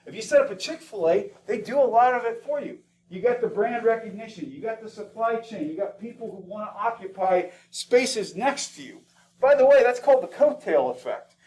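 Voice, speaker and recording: A man teaching a class, lively and peppering students with questions. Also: high-pitched, fairly quick, far from the mic, a little hiss or hum. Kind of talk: classroom lecture.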